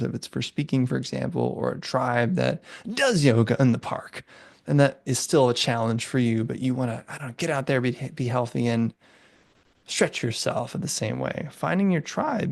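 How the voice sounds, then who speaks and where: A man's voice: medium pitch, creaky, no room sound, studio quality. A man speaking as a podcast guest in casual conversation, rambling and acting out little bits of dialogue. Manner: rambling, acts out voices of friends.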